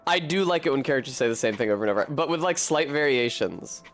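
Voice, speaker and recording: A man's voice: medium pitch, animated, quick pace, a bit bright. A man giving casual, wry commentary as he streams a video game, swearing freely and chatting with his viewers. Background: game music.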